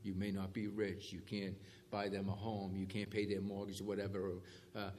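A man's voice: low voice, moderate pace. Man preaching in an echoey church hall. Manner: call-and-response, animated emphasis on key phrases. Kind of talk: sermon. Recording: echoey hall with faint ambience.

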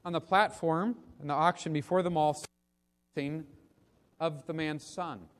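A man preaching a sermon, telling a story slowly and deliberately in a solemn manner. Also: fairly high pitch, steady tone. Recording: long reverb of a big hall.

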